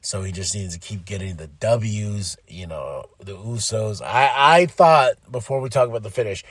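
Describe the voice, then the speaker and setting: An animated man with a fairly low voice, talking straight into a close mic in a dry, dead room. He chats casually and excitably, cursing and laughing as he goes. His delivery swings between loud bursts and muttered asides. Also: dry recording. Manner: excitable, animated, swears, laughs, mimics people. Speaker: podcast host. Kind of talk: casual solo recap.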